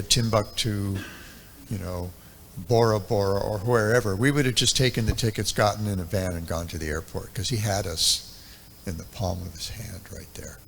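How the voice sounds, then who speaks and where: A man's voice: on the low side, a bit bright, a little hiss or hum. A man in his seventies giving a devotional talk at a temple, telling stories from memory in a reflective way with many ums and uhs. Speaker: temple speaker. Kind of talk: reminiscing devotional lecture.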